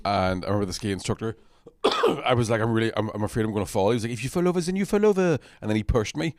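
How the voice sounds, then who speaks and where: Giggly man with an expressive voice. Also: on the low side, rapid-fire. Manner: self-mocking, giggly storytelling. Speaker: podcast co-host. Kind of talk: casual chat.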